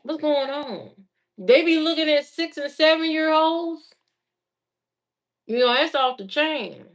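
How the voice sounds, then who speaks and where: A woman with a somewhat high voice tells personal stories to her viewers. Her delivery is loose and chatty, full of everyday slang. She circles back and repeats phrases to hammer home the point. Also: unhurried. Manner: lively storyteller who repeats phrases for emphasis. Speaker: streamer telling stories to viewers. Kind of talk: casual anecdote telling.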